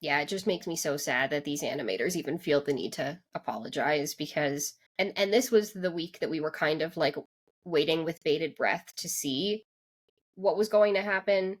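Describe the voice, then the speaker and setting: Her deep voice moves at a normal speed as she co-hosts a podcast, chatting casually and ramblingly about an anime episode with plenty of restarts and "like" fillers.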